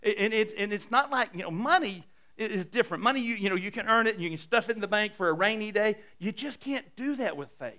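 A middle-aged male pastor preaching a conversational sermon. He often repeats his first words and drops to a hushed voice to stress a point. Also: high voice, lively intonation, fast, few pauses.

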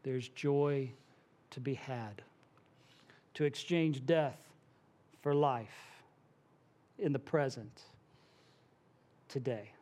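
A man's voice: medium pitch, drawn-out words, long pauses, darkish tone. A male pastor preaching a sermon to his congregation in a church, conversational, with asides and small jokes. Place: church sanctuary.

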